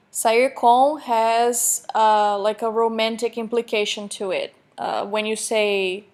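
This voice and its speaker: A woman, a Portuguese teacher explaining grammar in a recorded online lecture, with joking asides and slowly read examples. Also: mid-range voice, darkish tone. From Brazil.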